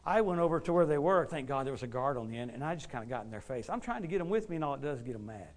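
A middle-aged American man preaching and telling stories, swinging between loud outbursts and hushed asides. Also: mid-range voice, lively intonation, racing. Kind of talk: sermon storytelling.

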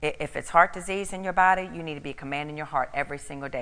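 Woman preacher, deep voice, emphatic, repeats phrases, middle-aged. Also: very fast, fairly bright tone, in a large hall. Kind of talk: sermon.

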